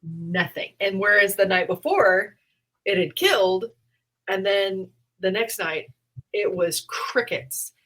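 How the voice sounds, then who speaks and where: A woman comedian and podcast co-host, talking in a casual, animated way and often laughing as she acts out her own past reactions. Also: medium pitch, takes it slowly, rough recording. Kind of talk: casual chat.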